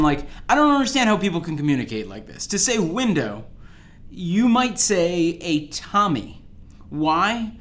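A man's voice: on the high side, sing-song, unhurried, fairly bright tone. A young American man hosting a podcast, chatting casually and telling jokey stories with many "like"s and restarts. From United States. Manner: rambling, filler-heavy, jokey storytelling. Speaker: podcast host.

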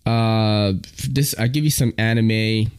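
A young man with a lowish voice rambles through a solo podcast, full of slang and casual swearing. The sound is close and dry, with no room around it. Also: fairly even intonation, slow, a little mellow, clear, resonant tone, no echo. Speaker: podcast host.

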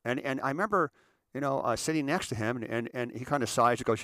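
Animated storytelling author, dry close sound. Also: male voice, medium pitch, no echo. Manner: animated, repeats words, quick asides. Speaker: author answering audience questions. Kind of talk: casual anecdotal storytelling.

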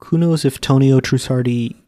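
A man's voice: mid-range voice, normal speed, mellow, no echo. A man co-hosting a podcast, making dry, wry remarks in casual chat. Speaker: podcast co-host.

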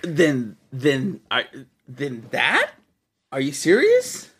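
A man's voice: mid-range voice, wildly swooping pitch, drawn-out words, fairly bright tone, slightly rough. A young man hosting a casual podcast, talking loosely and animatedly and swearing freely, calling his co-host dude and bro. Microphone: podcast studio mic.

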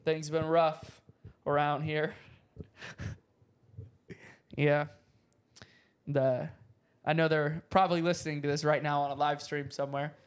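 A man's voice: fairly high pitch, little pitch movement, unhurried, pauses often, clean tone. A man hosting a podcast in casual chat, telling stories in a jokey, teasing way with plenty of slang. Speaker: podcast host.

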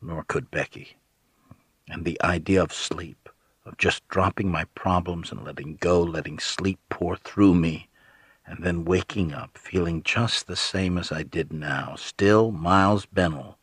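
Slow, low-voiced male narrator. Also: husky, dry recording. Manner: measured, steady storytelling. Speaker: audiobook narrator. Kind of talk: first-person audiobook narration.

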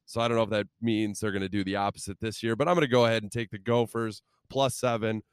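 A man's voice: fairly low pitch, steady tone, quick pace, clean tone, dry recording, studio quality. A man co-hosting a sports podcast, chatting in a joking, crude, rambling way. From Minnesota. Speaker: podcast co-host. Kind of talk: casual sports chat. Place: moving minivan.

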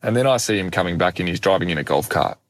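A young man, an animated, self-deprecating guest telling a personal story in conversation. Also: deep voice, fast talker. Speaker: guest speaker.

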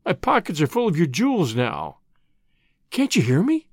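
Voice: mid-range voice, wildly swooping pitch, normal speed, no room sound, studio quality. A narrator voicing a desperate, ashamed young man who confesses to theft in a choked, pleading voice. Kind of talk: reading a classic short story aloud.

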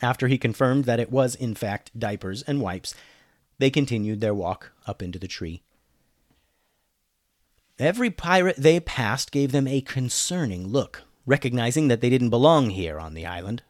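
A man narrating a children's adventure story with an expressive, animated delivery. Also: medium pitch, normal speed, no room sound, clean studio sound.

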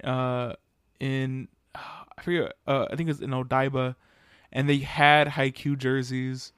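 A man co-hosting a casual anime review chat, relaxed and hesitant, often trailing off. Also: medium pitch, slow pace, clear, resonant tone, no echo, clean studio sound. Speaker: podcast co-host.

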